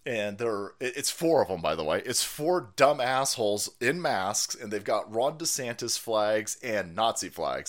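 Hosting a livestream, a man rants with profanity and mockery in an animated way. His voice is on the low side, and he keeps a measured pace with hardly any pauses.

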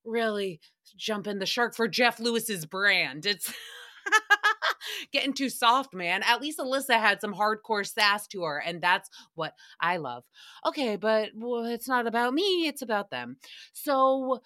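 A woman's voice: fairly high pitch, lively intonation, measured pace, pushed and bright. A woman hosting a podcast, chatting casually and jumping between tangents, with frequent swearing. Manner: chatty, tangent-prone, profane. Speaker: podcast host. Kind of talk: casual recap chat.

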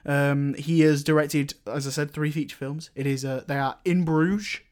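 A young man co-hosting a casual film podcast, talking in a rambling, halting way full of fillers. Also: a little high, steady tone, a little mellow. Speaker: podcast co-host.

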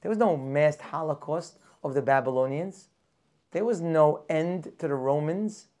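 Animated male rabbi, lecture voice, asks questions, acts out characters. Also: fairly high pitch, a little slow. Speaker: rabbi teaching a weekly class. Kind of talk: lively Torah class lecture.

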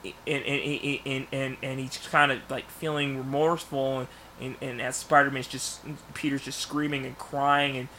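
A man in casual podcast chat, pitching a movie plot in rambling bursts with many restarts. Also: little pitch movement, normal speed, few pauses, a little hiss or hum. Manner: rambling storyteller, many restarts, bursts of loud acted lines. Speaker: podcast co-host.

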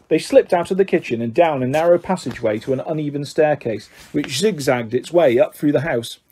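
A man reading a children's story aloud as narrator, in an expressive, animated way. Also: on the high side, fairly quick, few pauses, a little hiss or hum. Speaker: audiobook narrator. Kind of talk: scripted narration.

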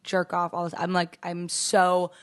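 A woman's voice: lowish voice, completely flat delivery, unhurried. Candid, chatty woman co-host. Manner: candid, chatty, lots of fillers. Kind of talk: casual chat.

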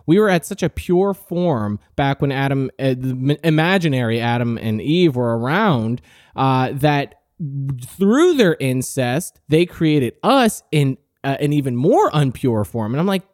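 A man's voice: mid-range voice, big pitch swings, unhurried, darkish tone, dry recording, clean studio sound. A man in his late teens hosting a podcast, delivering a brash, profane, mock-arrogant comic rant. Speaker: podcast host. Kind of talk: comic ranting monologue.

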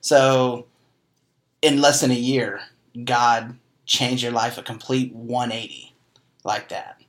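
A man's voice: mid-range voice, fairly even intonation, takes it slowly, fairly bright tone. A man hosting a casual interview, emphatically recapping his guest's story. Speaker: host.

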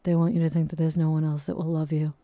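A woman's voice: sits low, little pitch movement, quick pace, warm tone, dry recording. A woman hosting a solo podcast, ranting casually, swearing often and mocking herself, talking close to the microphone. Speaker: podcast host. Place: home room, painters working outside.

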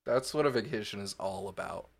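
A man's voice: on the low side, a little fast. A young adult man co-hosting a podcast, chatting casually and teasing his co-host with frequent laughter. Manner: playful, laughs often, teasing. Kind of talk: casual chat.

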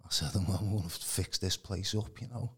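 A man telling his personal testimony in a casual, animated way. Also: deep voice, fairly quick, breathy edge. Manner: animated, acts out quoted voices, calls the host mate. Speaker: guest giving testimony. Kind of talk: casual storytelling.

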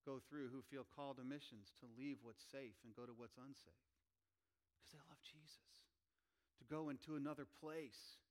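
A man preaching a sermon, animated, acting out quoted voices with rising pitch and volume. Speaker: pastor.

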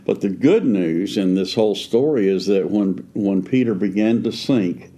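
A man's voice: lowish voice, measured pace, dark tone. A man co-hosting a faith podcast, talking in an earnest, conversational way with frequent restarts. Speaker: pastor and podcast co-host.

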